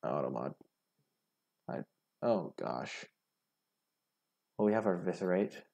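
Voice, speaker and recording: A man's voice: low voice, expressive, slow pace, a little mellow. A young man giving casual, chatty commentary over a card game, thinking aloud and criticizing his own plays. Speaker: gaming streamer.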